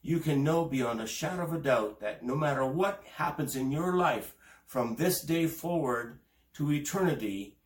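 A man preaching a sermon, reading scripture aloud in an earnest way and stressing key words. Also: recorded from a distance. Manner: earnest, reads scripture aloud and rises in pitch for emphasis. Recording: roomy, from off the mic.

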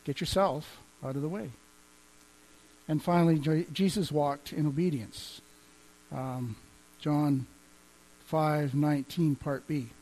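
Guy pastor teaching about faith, chatty, a bit high voice, slight hum. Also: steady tone, slow, warm tone, poor audio. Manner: conversational, chuckling, quotes scripture.

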